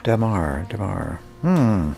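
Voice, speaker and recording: A man's voice: low voice, sing-song, takes it slowly, creaky, warm tone, faint music behind. A man with an American accent co-hosting a casual chat, easygoing and agreeable. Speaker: podcast co-host.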